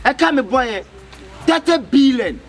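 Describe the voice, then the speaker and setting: A man's voice: very high voice, animated, measured pace, a crowd in the background. A Ghanaian man with a Twi accent in a comedy skit, pleading and stammering with many repetitions. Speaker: comedy skit actor, fake motor rider.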